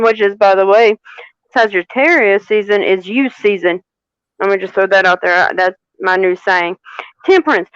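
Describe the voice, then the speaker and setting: Woman, tarot reader, sassy banter, smooth voice, muffled sound. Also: a little high, fairly bright tone, no room sound. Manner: sassy, playful, teasing. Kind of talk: live tarot reading chat. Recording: dull, muffled mic.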